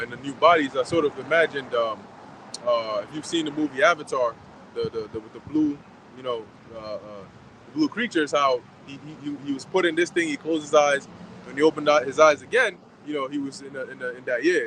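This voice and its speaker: A man adding his own thoughts at a church gathering, speaking in a halting way full of fillers and restarts. His voice sits a little high for a man. Faint background noise runs under his voice. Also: fairly bright tone, rough recording. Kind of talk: informal sermon remarks.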